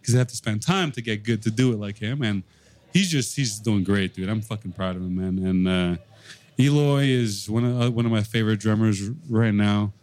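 A man who plays metal drums, talking loosely and profanely in a relaxed chat, often laughing. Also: lowish voice, fairly quick, no echo. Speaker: metal drummer. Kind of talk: casual backstage chat.

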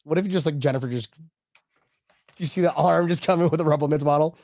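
Higher-pitched joking man, dry sound. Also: fast, dry recording. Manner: joking, laughs often, excitable. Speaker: podcast co-host. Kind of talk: casual chat reading viewer comments.

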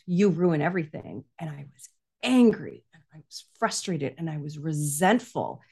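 A woman's voice: fairly low pitch, gravelly. Woman, parenting coach, earnest, explaining in a conversation, keeps asking "right?". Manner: earnest, frequently adds "right?".

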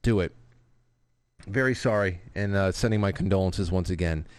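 A man's voice: deep voice, normal speed, dry recording. A man hosting a casual live talk show who reads out viewer messages and rambles with restarts and profane asides. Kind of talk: casual live-stream talk, reading super chats.

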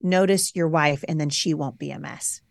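A woman in her forties talks as a guest on a close, dry studio mic, her voice sitting fairly low. She speaks emphatically and with animation, and her pitch jumps high when she acts out her past self. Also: normal speed, creaky, no room sound. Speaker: podcast guest. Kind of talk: candid conversational interview.

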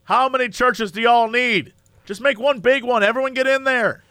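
Animated male co-host, very high and lively, dry close mic. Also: moderate pace, no echo. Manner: animated, laughing often. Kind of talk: casual comedic chat.

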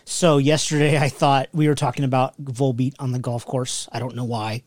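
A man co-hosting a casual podcast, trading dry, deadpan quips. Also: mid-range voice, moderate pace, dry recording. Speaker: podcast co-host. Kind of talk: casual banter.

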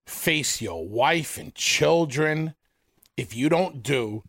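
A man co-hosting a radio show, goading his partner in a rapid-fire pep talk. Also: fairly high pitch, lively intonation, a bit bright, slightly rough, dry recording, clean studio sound. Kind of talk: heated on-air argument.

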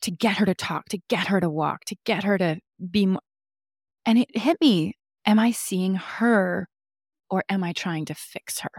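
A woman being interviewed about her child, a lively storyteller who talks openly and acts out the dialogue. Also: mid-range voice, normal speed, dry recording, studio quality. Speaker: guest, mother of a nonverbal child. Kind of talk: casual interview talk.

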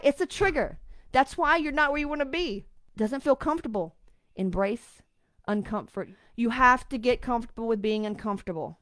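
A blunt woman coach delivers a podcast monologue in a fairly high voice and swears freely. She pushes her points with sudden loud, rising bursts. The sound is dry and close, with no room echo.

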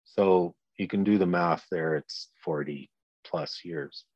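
A man's voice: low voice, takes it slowly, no room sound, muffled recording. A man in his sixties, a grieving father giving a blunt, profane interview and acting out the people he quotes. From Canada. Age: 60s. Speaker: guest, victim's father. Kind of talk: candid interview.

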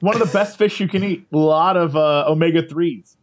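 A man's voice: fairly high pitch, fairly quick. A man co-hosting a podcast, telling a travel story in a casual chat, laughing often and acting out the voices of the people he met. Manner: animated, laughing, acts out quoted voices. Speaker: podcast co-host. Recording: poor quality microphone.

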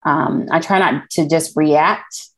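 A woman talking frankly and relaxed in a casual podcast chat. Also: deep voice, takes it slowly, slightly rough. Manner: relaxed, frank, laughs easily.

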